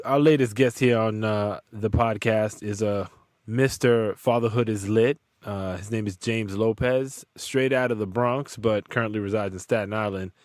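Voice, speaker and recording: A man's voice: on the low side, a little mellow, no echo, clean studio sound. A man hosting a podcast, chatting casually in an easygoing, slangy way and introducing a guest. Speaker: podcast host. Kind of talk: casual chat.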